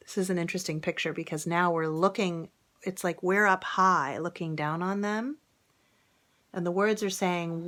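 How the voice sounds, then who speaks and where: A woman reading a picture book aloud to children, gently, with whispered asides and questions. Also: medium pitch. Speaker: storybook reader.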